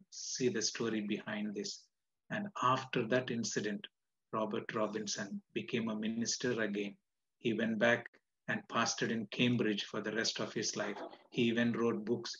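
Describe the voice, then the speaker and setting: A man's voice: fairly low pitch, fairly bright tone, lo-fi sound. A man giving a sermon as a guest preacher, telling a story earnestly and repeating phrases for emphasis.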